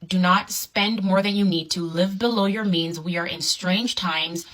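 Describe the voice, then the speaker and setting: Lower-voiced woman giving earnest advice. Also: steady tone, a little slow, fairly bright tone. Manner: earnest, advising. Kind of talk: advice to camera.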